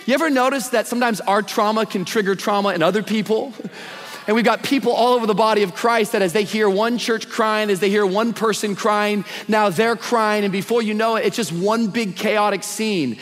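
A man's voice: high voice, fairly even intonation, a little fast, a bit bright. A man in his thirties preaching a live sermon to a church congregation, casual and slangy but full of energy. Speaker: guest pastor. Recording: long reverb of a big hall.

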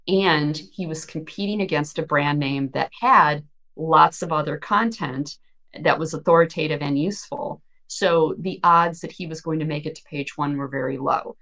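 A woman co-hosts a podcast casually discussing search marketing news. Her voice is low and a bit bright, and she explains things thoughtfully and at length, often restarting her sentences.

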